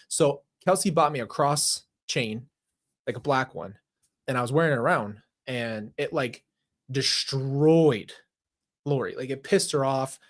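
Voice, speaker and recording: A young man speaks straight into a handheld mic, sharing a personal story in a casual, conversational way. His voice sits at an ordinary, middle pitch. He is emphatic, often restarts his sentences, and leans on the filler "like". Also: measured pace. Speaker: host.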